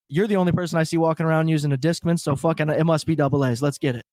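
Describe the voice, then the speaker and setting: A cheerful male comedian riffing on his podcast, animated and quick to laugh, with a lot of casual swearing. His voice sits a little higher than most men's. The sound is dry and close, with no room echo. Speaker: podcast co-host; stand-up comedian.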